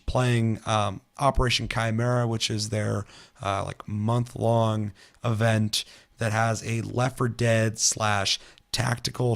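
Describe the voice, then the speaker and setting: A man chatting casually on a gaming podcast, swearing a lot and telling stories with animated, shouted quotes. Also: lowish voice, creaky. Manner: profane, animated storytelling with shouted put-on quotes. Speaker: podcast co-host.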